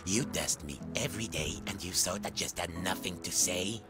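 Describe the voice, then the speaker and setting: A man's voice: low-pitched, normal speed, loud music behind the voice, lightly acted. A man voicing a fussy, rude, timid hermit crab in a video game, scolding in huffy quips. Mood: grumpy.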